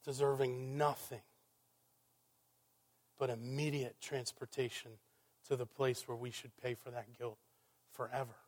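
A man preaching a sermon, emphatic, firing rhetorical questions and swinging from loud exclamations down to hushed, quiet passages. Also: mid-range voice, flat delivery, unhurried, pauses often. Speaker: pastor.

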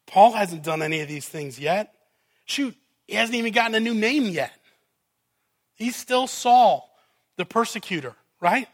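A man preaching a sermon, rising to loud emphatic peaks and dropping to quiet, intimate asides. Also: sits high, lively intonation, measured pace, pauses often.

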